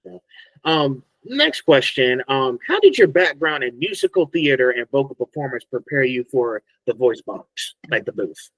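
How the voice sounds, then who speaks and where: A male interview host with a mid-range voice on a dry close mic. He reads out his questions slowly and haltingly, with ums between them. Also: medium pitch, big pitch swings, fairly bright tone, no room sound, low-quality recording. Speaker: podcast host.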